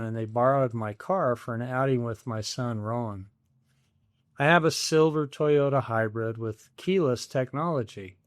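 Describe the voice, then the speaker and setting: A man's voice: medium pitch, smooth, dry recording, clean studio sound. A man in his seventies hosting a solo podcast, telling a family story in a wry, self-deprecating scripted style. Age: 70s.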